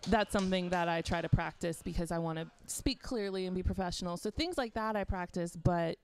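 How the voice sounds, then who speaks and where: Brief: woman backstage interviewer, faint Southern accent, low-ish gravelly voice, chatty. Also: brisk, a little mellow. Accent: faint Southern American. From Florida. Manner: chatty, rambling with fillers and laughs. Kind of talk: casual interview answers.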